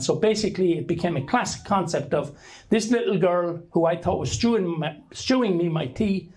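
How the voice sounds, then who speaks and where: Irish man, middle-aged, fairly high voice, rambling anecdotes, stop-start storytelling talk. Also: moderate pace, darkish tone, poor audio. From Ireland. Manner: rambling anecdotal, frequent restarts. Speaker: author giving a talk. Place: hall at a book launch.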